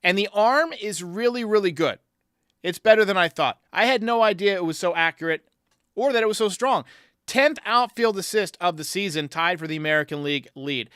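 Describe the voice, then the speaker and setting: A man hosting a sports podcast, giving an excitable casual game recap and talking straight to his viewers. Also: sits high, brisk, clear, resonant tone, dry recording, clean studio sound. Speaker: podcast host.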